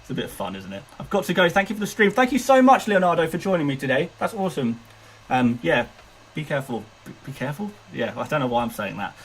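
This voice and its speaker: Husky young man live-streaming. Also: a little high, very animated, quick pace, rough recording. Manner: chatty, upbeat, loose with fillers and restarts. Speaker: fantasy football streamer. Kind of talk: live stream Q&A, reading chat aloud.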